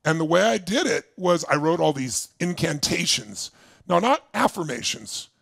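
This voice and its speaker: A man with a raspy, gravelly voice that sits a bit high for a man speaks as a motivational speaker. He tells his life story in a storyteller's way and pushes hard to fire up the crowd. The sound is dry and close, with no room echo. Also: sing-song, moderate pace. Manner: shouts to rouse the crowd, then storytelling. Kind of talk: motivational talk to a live audience.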